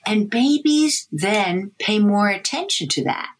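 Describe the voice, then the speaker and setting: Lively expressive woman, husky and unhurried. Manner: animated, breaks into a high sing-song baby voice for examples. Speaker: language development researcher. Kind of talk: interview answers.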